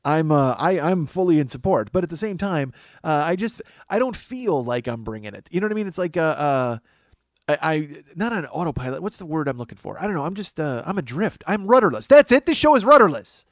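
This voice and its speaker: A man's voice: on the high side, expressive, a little fast, no room sound. A man hosting a comedy podcast alone, rambling in a self-mocking way, losing his train of thought and sounding tired from lack of sleep. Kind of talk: rambling solo comedy monologue.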